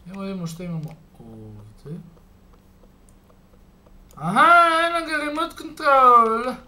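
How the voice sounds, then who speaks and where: Excitable swearing Serbian gamer guy. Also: very high voice, a little slow. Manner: excitable, swearing, reads game lines aloud. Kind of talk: let's play commentary.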